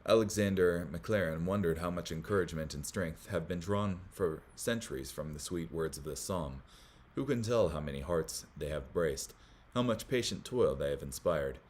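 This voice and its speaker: A man hosting a Bible study, reading commentary aloud in a measured way, with small slips that he corrects as he goes. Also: low voice, expressive, a little mellow.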